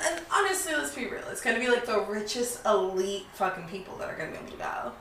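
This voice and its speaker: A woman co-hosting a casual chat, relaxed, frank and laughing easily. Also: medium pitch, quick pace. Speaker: co-host. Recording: roomy, distant mic with faint hiss.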